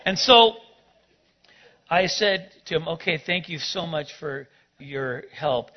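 A man's voice: a little high, takes it slowly. A man telling a personal story in a sermon, acting out both sides of the conversation. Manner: animated storyteller, acts out dialogue. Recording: dull lo-fi sound.

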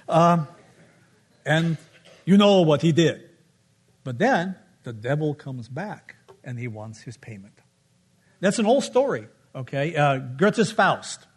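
A man's voice: on the high side, slightly rough. A middle-aged man preaching a sermon with a playful storytelling manner, humming tunes along the way. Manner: storytelling, playful, hums melodies.

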